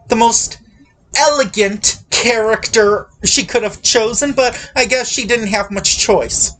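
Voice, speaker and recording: A man hosting a casual movie chat, talking haltingly with many restarts and hedges. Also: sits high, fairly bright tone. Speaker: podcast host.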